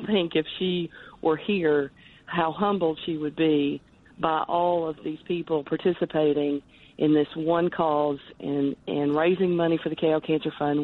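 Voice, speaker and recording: A woman's voice: sits low, a little hiss or hum. A woman guest, a charity director, talking earnestly in a podcast interview, rambling with frequent restarts. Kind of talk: podcast interview over the phone. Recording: tinny phone line.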